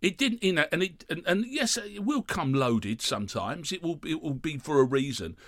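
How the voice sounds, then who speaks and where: A man hosting a podcast, asking the guest expressive, leading questions. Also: fairly high pitch, normal speed, no echo, clean studio sound. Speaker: podcast host. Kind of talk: conversational interviewing.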